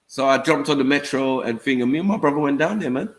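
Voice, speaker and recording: A man's voice: mid-range voice, quick pace. A man with a London accent, a guest chatting casually on a live stream and telling stories in slang. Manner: animated storyteller, slips into slang. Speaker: panel guest.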